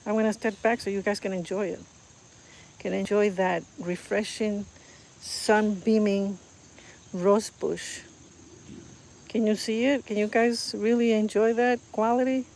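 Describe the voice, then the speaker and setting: A woman's voice: medium pitch, steady tone, unhurried, long pauses, darkish tone, a little hiss or hum. A woman chatting casually while filming her garden on a phone, rambling with fillers and gushing over the flowers. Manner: admiring and gushing. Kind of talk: casual vlog chat. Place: outdoor garden. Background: crickets and insects outdoors.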